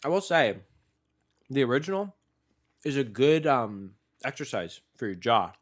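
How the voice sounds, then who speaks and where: A young man co-hosting a casual snack-tasting podcast, his pitch bouncing up and down as he jokes around. He laughs often and teases his co-host between bites. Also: very animated, unhurried. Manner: playful, jokey, laughs often.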